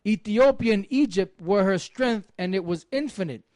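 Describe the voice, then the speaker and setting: A man reading a long scripture passage aloud in a steady, declamatory way. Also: sits high, moderate pace, no echo. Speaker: scripture reader in a religious group.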